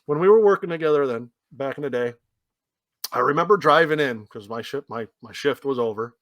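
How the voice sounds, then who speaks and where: Man, middle-aged, animated storyteller, expressive swooping voice, dry close sound. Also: medium pitch, brisk, no room sound. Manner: animated storyteller, laughs often. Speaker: podcast co-host. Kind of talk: casual chat.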